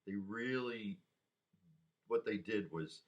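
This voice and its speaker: A man in his sixties talking through personal memories in a rambling, halting way, with sighs and restarts. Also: fairly low pitch, highs cut off. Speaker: vlogger. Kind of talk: casual personal monologue.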